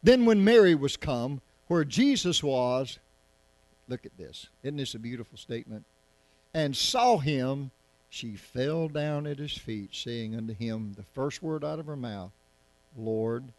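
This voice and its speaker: A man's voice: mid-range voice, expressive, measured pace, a little mellow, no room sound. A male pastor preaching verse by verse, in a conversational style and often putting rhetorical questions to his listeners. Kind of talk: Bible-study sermon.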